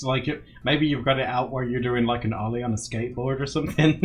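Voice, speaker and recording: A man's voice: mid-range voice, brisk, faint music behind. A man chatting casually on a live stream, giggly and playful. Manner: giggly, playful, bouncing between voices.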